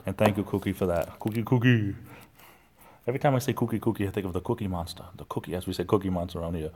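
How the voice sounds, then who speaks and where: Casting: man, fairly low voice, easygoing livestream host, rambling chat with viewers. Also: fairly even intonation, very fast, a little mellow. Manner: rambling, chatty, reads chat comments aloud. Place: at home.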